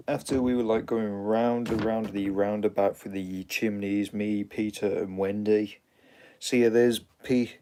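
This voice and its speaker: English guy rambling through a story, lowish voice, lots of "and yeah". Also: warm tone, slight background noise. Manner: rambling, with frequent "and yeah" fillers and restarts. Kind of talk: casual rambling story retelling.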